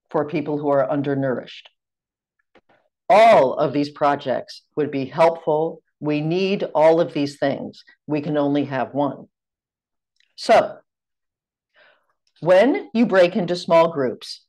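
An American woman with a low voice, deep for a woman, calmly leads a group through an exercise as facilitator of a video call seminar. Her instructions are measured, clear and courteous, heard through a video call microphone.

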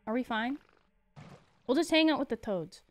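High-voiced giggly woman streamer. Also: expressive, normal speed. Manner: giggly and chatty, answering chat. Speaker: game streamer. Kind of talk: casual live-stream gameplay commentary.

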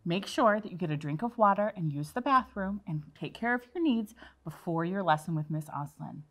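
A woman's voice: lowish voice, animated, brisk. A woman teaching a kindergarten class on video, talking to the children in a cheerful, encouraging way.

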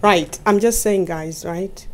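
A woman's voice: medium pitch, slow pace. A woman from Kenya talking casually to her viewers in a vlog, chatty and often laughing as she keeps addressing them directly. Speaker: YouTube vlogger. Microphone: mic set up in front of her.

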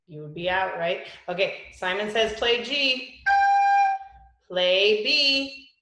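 A woman music teacher giving a children's lesson, with slow, clear, patient instructions. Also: mid-range voice, expressive, reverberant, heavy background noise.

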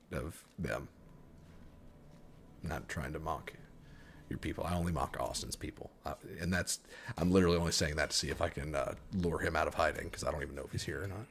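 A man's voice: very deep voice, a bit bright, slight background noise. A man streaming a video game, chatting casually with a co-host and joking as he reads game text aloud. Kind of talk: casual gaming chat.

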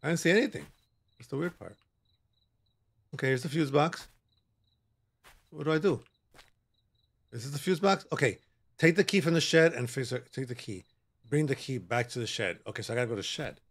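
A man's voice: medium pitch, expressive, brisk, pauses often. A man giving joking, sassy commentary while he plays a horror game, bantering with the characters on screen. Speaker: gaming channel host.

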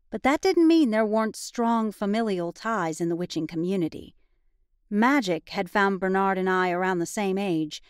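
A woman audiobook narrator reading a first-person cozy mystery in an even, conversational storytelling manner. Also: mid-range voice, no echo, clean studio sound.

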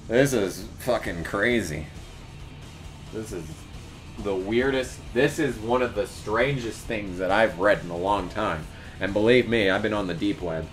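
A man's voice: lowish voice, sharp tone. A man reading fan fiction aloud for the first time, swearing and reacting in disbelief. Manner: profane, incredulous, exclaiming. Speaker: YouTuber.

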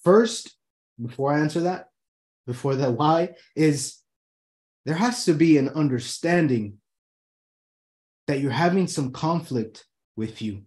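Animated, profane male talk show host. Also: a little high, slow, long pauses. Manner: animated, profane, acts out inner thoughts. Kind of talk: casual solo talk show monologue. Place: his own room.

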